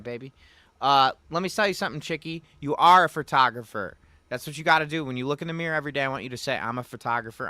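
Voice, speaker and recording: Bright-voiced man chatting with his stream. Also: mid-range voice, dry recording. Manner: rambling, talks to chat viewers, folksy. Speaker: livestream host. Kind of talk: casual livestream commentary. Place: Louisiana.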